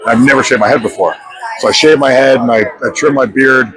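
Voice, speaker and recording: A man, an actor in his thirties, telling stories in a lively way as an interview guest at a convention, acting out the dialogue he quotes. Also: mid-range voice, brisk, music in the background, low-quality recording. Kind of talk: animated storytelling interview. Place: pop culture convention.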